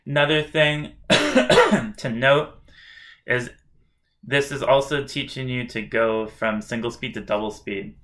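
Man teaching drum syllables over loud drumming. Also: mid-range voice, flat delivery, slow, long pauses, loud music behind the voice. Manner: breaks into loud rhythmic chanting of syllables. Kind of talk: instructional demo, chanting drum syllables.

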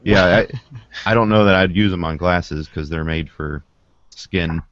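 Very low-voiced hesitant man. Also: measured pace, fairly bright tone, no echo. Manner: hesitant, repeats words. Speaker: podcast co-host. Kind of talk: casual chat. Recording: dull lo-fi podcast audio.

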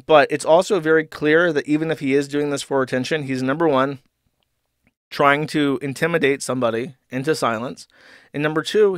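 A man's voice: fairly high pitch, fairly bright tone, dry recording, clean studio sound. A man hosting an online commentary show, ranting sarcastically with heavy profanity and rambling asides. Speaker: commentary host.

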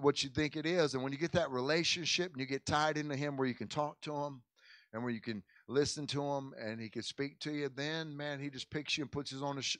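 A man's voice: a little high, dry recording. A man, a pastor, speaking casually to his congregation in a church service, stumbling over and repeating words as he talks and prays. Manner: folksy, repeats and restarts words often, says "man" and "amen". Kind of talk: informal church service talk and prayer. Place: church sanctuary.

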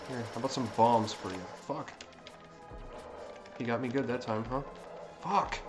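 A man giving live commentary on his own gameplay, swearing constantly and breaking into excitable outbursts. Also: mid-range voice, normal speed. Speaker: let's play streamer. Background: game music.

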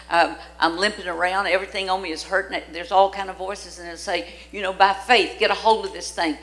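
An older woman from Louisiana, preaching a storytelling sermon in a church, dramatic and animated as she acts out the voices in her stories. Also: on the low side, slight background noise, poor audio. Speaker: guest preacher. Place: church sanctuary.

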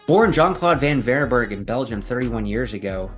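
A man hosting a video, reading a magazine article aloud and breaking off into relaxed, chatty asides. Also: medium pitch, normal speed, faint music behind. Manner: laid-back, chatty asides between read passages. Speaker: video host.

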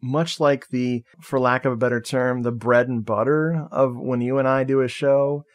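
A man's voice: mid-range voice, steady tone, moderate pace. A man co-hosting a casual podcast film review. He talks loosely, swears casually and laughs a lot. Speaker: podcast co-host.

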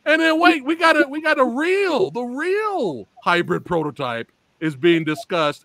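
A man hosting an interview, telling an excited story about his reactions and swearing freely as he acts them out. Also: extremely high pitch, measured pace, creaky. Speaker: interview host. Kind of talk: excited storytelling, casual chat.

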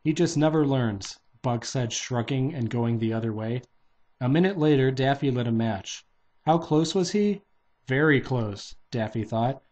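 A man's voice: medium pitch, a little slow, darkish tone, dull audio. A man casually reading a children's novelization aloud, barely changing his voice for the characters.

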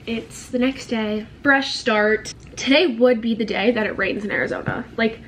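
A young woman chatting straight to her camera in a relaxed vlog, her voice sitting a little on the high side. She talks candidly and loosely, scattering "like" through her sentences as if talking with a friend. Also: normal speed, a little hiss or hum. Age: young adult. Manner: chatty, lots of "like" fillers, candid. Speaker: vlogger. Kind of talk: casual vlog chat to camera.

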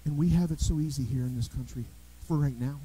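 A man with a high voice preaches a sermon from the pulpit of a church. He tells everyday stories with rising emphasis and often restarts his words mid-phrase. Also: fast talker, slightly rough, rough recording. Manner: animated storytelling preacher, repeats and restarts words. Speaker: pastor. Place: church sanctuary.

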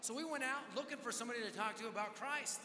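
A man preaching at a conference, telling a story with energetic, dramatic swings from loud to hushed. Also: very high-pitched, quick pace, a little hiss or hum. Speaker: conference speaker. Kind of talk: storytelling sermon. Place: large hall. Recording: echoey hall with long reverb.

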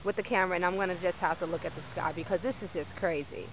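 Excitable woman on tinny noisy camera audio. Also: lowish voice, very fast. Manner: excitable, swears often, talks straight to viewers. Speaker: mother filming the night sky for viewers. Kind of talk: excited handheld vlog narration. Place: outdoors at night. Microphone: handheld camera.

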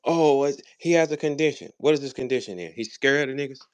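A man's voice: medium pitch, fast talker. A man with a St. Louis accent, a battle rapper talking casually in a live audio room, boastful, profane and preachy. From St. Louis, USA.

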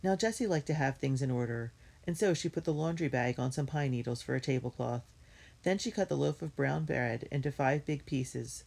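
A woman's voice: a bass voice, moderate pace. Woman reading a children's storybook aloud. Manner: steady, clear storytelling. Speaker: reader.

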